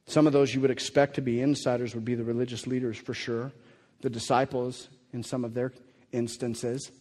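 A man preaching a sermon as a pastor, animated and acting out the voices of the people in his story. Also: medium pitch, brisk. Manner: animated, acts out quoted voices. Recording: long reverb of a hall.

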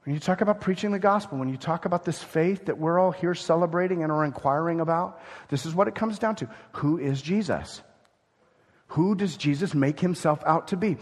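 A man delivers a sermon in an animated, conversational way, slipping into the voices of the people he quotes. His voice sits fairly high. The room rings with a long hall reverb. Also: a little fast. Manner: animated, acts out quoted speakers. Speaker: preacher.

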